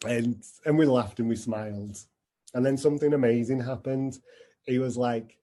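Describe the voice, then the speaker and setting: A man's voice: mid-range voice, animated, moderate pace, mellow. A man telling a personal story in an earnest, reflective talk. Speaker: speaker.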